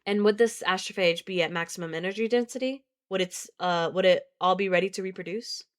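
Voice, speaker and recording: A woman's voice: mid-range voice, fairly quick, natural voice. A woman reading a novel aloud, voicing a probing male diplomat who asks pointed questions, in her own voice.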